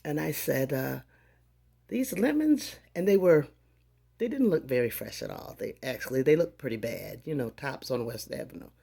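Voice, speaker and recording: A woman in her fifties recounts a story in a casual vlog, slipping into the voices of the people she describes. Her voice is husky with a gravelly edge. Her pitch rises and falls a great deal as she goes. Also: moderate pace. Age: 50s. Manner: animated, acts out dialogue in voices. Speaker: vlogger.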